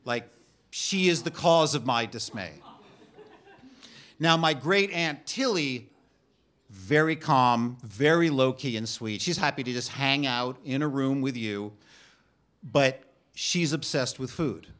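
A middle-aged man telling a funny personal story on stage, halting and self-deprecating with frequent restarts. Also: medium pitch, lively intonation, a bit bright.

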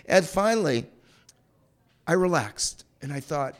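Lively man telling a personal story. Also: high voice, moderate pace. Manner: animated, breathless retelling. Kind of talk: personal anecdote told aloud.

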